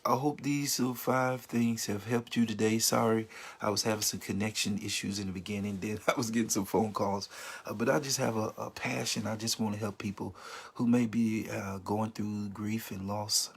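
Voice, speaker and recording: A man hosting a casual talk on grief, speaking with many pauses, fillers and repeated phrases. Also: lowish voice, steady tone, vocal fry, husky. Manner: repetitive, pausing, many fillers. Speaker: host giving grief advice. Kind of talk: casual spoken advice video. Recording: live stream with connection issues.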